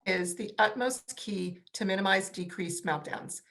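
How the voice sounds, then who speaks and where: A woman's voice: medium pitch, a little slow, vocal fry, a bit bright. A woman communication coach on a panel, giving advice emphatically and repeating key words for stress.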